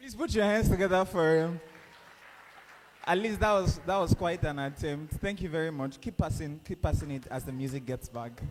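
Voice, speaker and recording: A Nigerian man with a fairly high voice hosts a school event, rallying students into games with lively coaxing. His voice rings out in an echoey hall, with a faint hum of noise underneath. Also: moderate pace. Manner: lively, coaxing crowd and players. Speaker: event host. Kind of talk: live event hosting. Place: conference hall.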